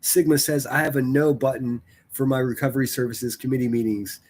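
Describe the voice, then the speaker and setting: A man's voice: mid-range voice, fairly even intonation, a little fast, a little mellow. A man chatting casually on a live stream, rambling and swearing, full of fillers and restarts. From Pittsburgh area.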